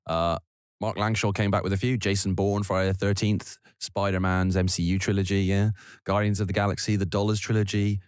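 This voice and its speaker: A man's voice: low-pitched, little pitch movement, a little fast, clean tone, no echo, clean studio sound. A man co-hosting a podcast, chatting casually and laughing easily as he wraps up the episode. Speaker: podcast co-host. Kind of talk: casual podcast outro chat.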